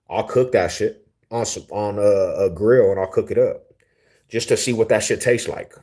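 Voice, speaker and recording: Laid-back young man, low voice. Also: normal speed, dark tone. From Denver, Colorado, US. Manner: laid-back, slangy, easily amused. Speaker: livestream host. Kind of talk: casual livestream chat reading viewer comments.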